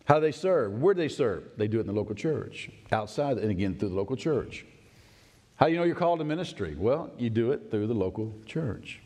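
A male pastor preaching a sermon in a folksy, animated way, swinging from excited high bursts to low, quiet emphasis and laughing often. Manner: folksy, laughs often, acts out his own past words. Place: church sanctuary. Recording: long reverb of a church sanctuary.

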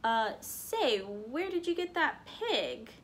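A woman's voice: a little high, very animated, slow pace, a bit bright, exaggerated voice. A woman voicing a sly young man who stammers as he spins a scheme in a folktale. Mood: scheming.

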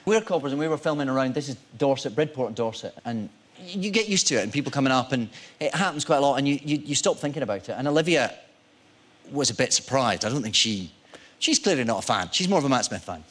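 A man in his forties, an actor guest on a talk show, telling animated anecdotes with self-deprecating humor. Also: medium pitch, quick pace.

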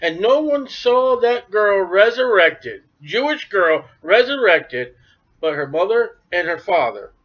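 A man's voice: high voice, big pitch swings, slow. A man preaching a sermon, talking animatedly and acting out the voices of biblical figures. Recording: dull lo-fi recording.

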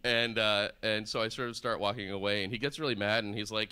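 A man in his thirties, from the former Soviet Union, doing deadpan, rambling stand-up comedy on stage at a live show. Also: fairly low pitch, fast, clean tone. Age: 30s. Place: live performance space on stage.

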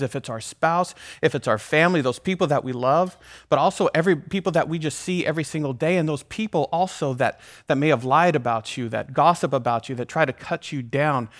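A man's voice: on the high side, a bit bright. Man preaching a conversational sermon. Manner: conversational preaching with asides and restarts. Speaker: pastor.

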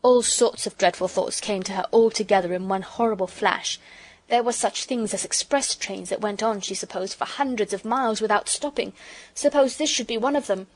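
A woman narrating a children's audiobook with a steady, expressive reading. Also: medium pitch, moderate pace. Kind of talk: storybook narration.

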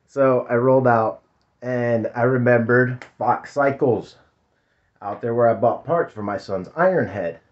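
A man's voice: medium pitch, a little slow. A man, telling a rambling, profane story in casual vlog chat. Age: 50s. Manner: rambling, laid-back, profane. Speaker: vlogger. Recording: dull lo-fi sound.

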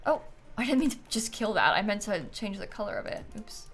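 A woman streamer talks casually as she plays, thinking out loud and chatting to her viewers. Her voice is lively, rising and falling a lot, and she sounds a little sleepy and prone to yawning. Faint game music plays underneath. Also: mid-range voice, fairly quick. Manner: chatty, musing aloud, talks to chat and objects. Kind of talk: casual livestream commentary while playing.

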